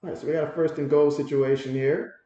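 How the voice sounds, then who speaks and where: A man hosting a livestream, giving casual play-by-play commentary and reading viewer comments aloud with excitable reactions. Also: a little high, fast, muffled recording. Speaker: livestream host doing play-by-play. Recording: very echoey room.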